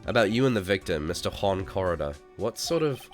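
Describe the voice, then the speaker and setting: A man's voice: sits low, animated, brisk, faint music behind. Man reading as a wry young lawyer. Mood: questioning. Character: young male defense lawyer, wry and doubtful.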